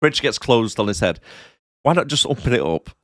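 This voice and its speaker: A man's voice: medium pitch, big pitch swings, moderate pace, fairly bright tone, no echo, studio quality. A man co-hosting a movie podcast, recapping the plot in a laid-back, bantering way. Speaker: podcast co-host. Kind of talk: casual chat.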